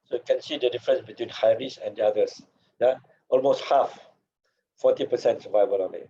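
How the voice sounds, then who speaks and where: A man teaching a seminar as a paediatrics lecturer, losing his voice, with a hoarse tone and frequent "okay" and "yeah" tags. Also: mid-range voice, fairly quick, warm tone, muffled recording, a little hiss or hum. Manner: accented English, drops "okay" and "yeah" tags.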